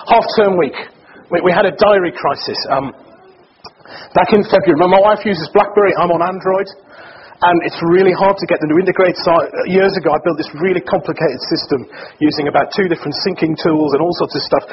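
A man's voice: high-pitched, brisk. A man preaching a sermon in a conversational, joking way, quizzing his congregation. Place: church gathering. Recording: muffled lo-fi recording with faint hiss.

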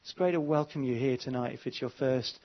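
A man's voice: mid-range voice, fairly quick, highs cut off. A man preaching an evening sermon, emphatic and repeating his words, with frequent fillers. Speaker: pastor.

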